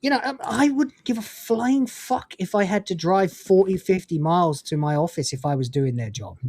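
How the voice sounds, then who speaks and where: A woman's voice: fairly low pitch, lively intonation, moderate pace, darkish tone, dry recording. An English woman co-hosting a live gaming news stream, reading news items and breaking into blunt, profane commentary with frequent laughter.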